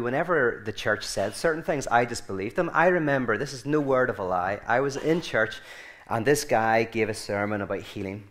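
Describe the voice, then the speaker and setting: Irish man, guest speaker, casual and digressive, restarts a lot, humor-laced storytelling. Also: mid-range voice. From Ireland. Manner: rambling, self-correcting, joking. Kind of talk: informal talk to a group.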